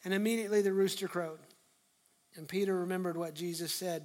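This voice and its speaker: A middle-aged man preaching a sermon, acting out scripture dialogue and swinging from hushed to loud. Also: high-pitched, steady tone, fairly quick. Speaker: pastor.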